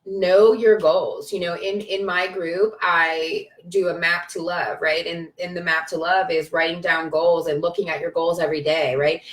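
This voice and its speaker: Emphatic woman coaching from a distance. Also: on the low side. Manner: emphatic and repetitive, with bursts of cheering and swearing. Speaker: spiritual life coach on a live video. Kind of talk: casual live-stream pep talk. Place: at home, on a live stream. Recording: roomy echo from a distance.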